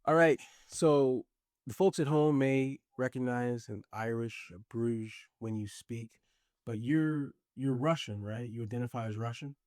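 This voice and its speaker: A man's voice: mid-range voice, a little slow, darkish tone, no room sound. American male podcast host, dry close sound, teasing and blunt. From United States. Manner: teasing, blunt, swears freely. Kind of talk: casual interview.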